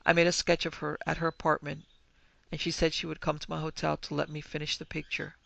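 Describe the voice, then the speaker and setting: A man playing a skeptical German businessman who speaks in a stiff, formal way, with a gravelly, fairly high voice. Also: monotone, quick pace, sharp tone, no room sound, exaggerated voice. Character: skeptical middle-aged male German businessman.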